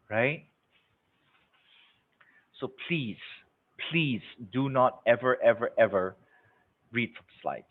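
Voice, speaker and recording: A man leading a live sales-training webinar, emphatic and repetitive, checking in with the audience as he goes. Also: mid-range voice. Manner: emphatic, repeats words, checks in with "okay?" and "right?". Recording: narrow phone-like webinar audio.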